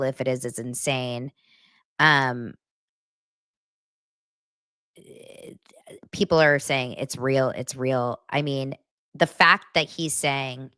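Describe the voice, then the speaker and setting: A woman's voice: low-pitched, a bit bright. A woman hosting a casual celebrity gossip vlog, chatting straight to her viewers. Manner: chatty, addresses viewers directly.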